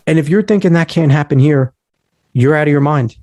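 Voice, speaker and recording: A man's voice: fairly high pitch, a little fast, a little mellow, no room sound. A man hosting a podcast, ranting with heated emphasis and lecturing on history. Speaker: podcast host. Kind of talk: casual podcast talk.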